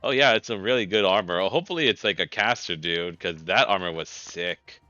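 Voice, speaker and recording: Low voiced guy rambling thru a game playthrough, crisp punchy voice, jokey, lo-fi audio w faint music. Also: fairly quick, sharp tone, dry recording. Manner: rambling, self-correcting, joking. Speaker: let's play gamer. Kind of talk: casual gameplay commentary.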